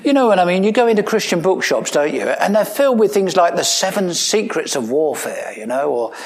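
A man's voice: big pitch swings, a little fast, gravelly. A pastor preaching a sermon in a conversational style, asking his listeners questions, with touches of dry humor and sudden emphatic lines. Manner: swings between emphatic rising lines and low quiet asides.

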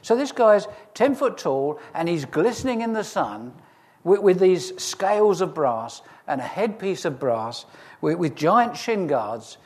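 A man preaching a sermon, reading scripture and retelling it in a lively, humorous storytelling way with asides to the listeners. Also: high-pitched, measured pace.

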